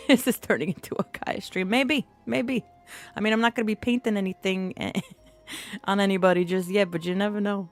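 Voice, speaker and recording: A chatty woman gaming on a live stream, laughing a lot and rambling through her plans. Her voice sits at an ordinary middle pitch, with faint music playing behind her. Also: fairly even intonation, moderate pace. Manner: chatty, laughs often, trails off and restarts. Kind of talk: casual gaming stream chat.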